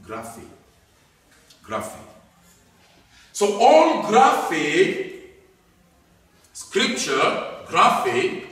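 A man preaching a sermon, emphatic, repeating key words and swinging between loud and soft. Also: sits high. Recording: echoey hall, distant mic.

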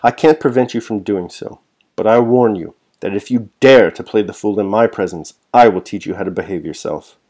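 A man's voice: lowish voice, brisk, close to an everyday voice. A man voicing a stern, irritable young prince serving as an army officer, in a storybook reading. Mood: sharp anger. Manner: sharp, angry.

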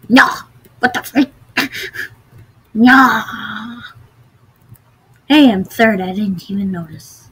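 A woman giving casual gameplay commentary with excitable, dramatic outbursts, sometimes trying out odd voices. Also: medium pitch, slow pace, pauses often, slightly rough, low-quality recording. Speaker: gamer.

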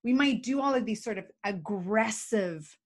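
A woman's voice: medium pitch, moderate pace. A woman, a guest expert on emotional intelligence, talking in a casual live video chat and acting out examples as she explains. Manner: animated, explains with acted examples.

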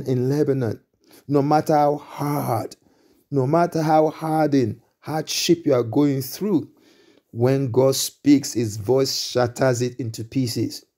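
Mellow-voiced male preacher, stammering restarts. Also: mid-range voice. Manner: emphatic exclamations. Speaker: pastor. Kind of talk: sermon.

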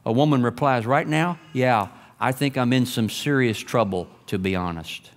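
A pastor preaches a sermon at normal speed, reading scripture and stories emphatically, swinging between raised, urgent lines and hushed, low ones.

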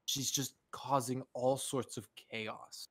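A man co-hosting a casual review chat, animated and profane. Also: mid-range voice, slow, slightly rough, no echo, clean studio sound. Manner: animated, profane, laughs through lines. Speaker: podcast co-host reviewing a show.

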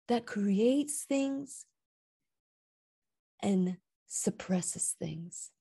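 A woman's voice: mid-range voice, warm tone, breathy edge. A woman hosting a radio show, giving an earnest, heartfelt inspirational talk about faith, and rising and falling with emphasis.

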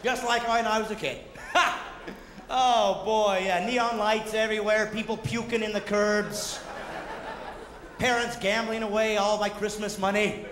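A man doing a high-energy stand-up comedy set, shouting and working the crowd. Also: little pitch movement, moderate pace. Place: large hall with a live audience. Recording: echoey hall, loud crowd and noise.

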